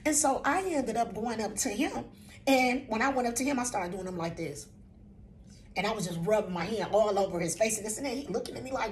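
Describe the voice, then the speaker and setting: A woman's voice: a little high, fast talker, a little hiss or hum. An older woman, a vlog host, talking casually to the camera, repeating herself and often asking "you know what I'm saying?", with laughs mixed in. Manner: emotional, laughs while talking.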